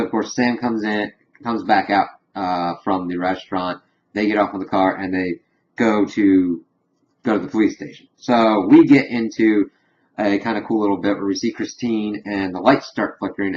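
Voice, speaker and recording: Guy rambling through a tv episode recap, lots of likes and of courses, kinda low voice, muffled lo-fi sound. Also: fairly even intonation, moderate pace, slight background noise. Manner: rambling, filler-heavy storytelling. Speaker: TV episode reviewer. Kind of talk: casual spoilery episode recap.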